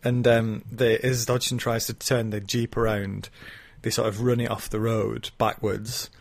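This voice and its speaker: A man's voice: mid-range voice, flat delivery, unhurried, gravelly. Man, podcast co-host, casual chat, retells plot, laughs often. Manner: laughs often while retelling, acts out quoted lines.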